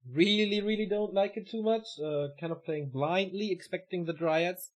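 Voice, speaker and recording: A man's voice: high-pitched, moderate pace. A man co-casting a live strategy game match, relaying results and announcements and teasing his partner. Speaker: esports co-caster.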